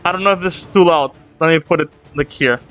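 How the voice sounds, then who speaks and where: A man hosting a manga reaction video, reading panels aloud with sudden excited outbursts. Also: fairly high pitch, fast, highs cut off. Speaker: reaction channel host. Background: faint drum music.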